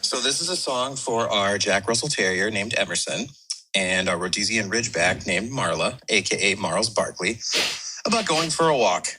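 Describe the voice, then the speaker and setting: A man's voice: fairly low pitch, animated, moderate pace, pushed and bright, husky. A man introducing a homemade song he sent in to a podcast, speaking in a plain, earnest way. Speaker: listener sending in a song.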